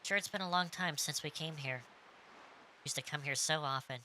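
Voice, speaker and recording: A streamer voicing a stern but gentle young woman, reading her game lines softly and wistfully. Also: mid-range voice, brisk, a little hiss or hum, natural voice. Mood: friendly.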